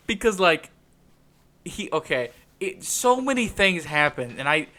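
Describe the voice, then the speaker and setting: Bright, excitable young man. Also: on the high side, a little slow. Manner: excitable, rambling, laughs often. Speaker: podcast co-host. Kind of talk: casual chat.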